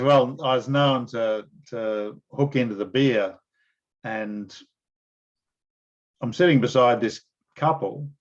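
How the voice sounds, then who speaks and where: A man interviewing a guest and telling animated stories in a casual, slangy way. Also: fairly low pitch, highs cut off. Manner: animated storyteller, blokey slang.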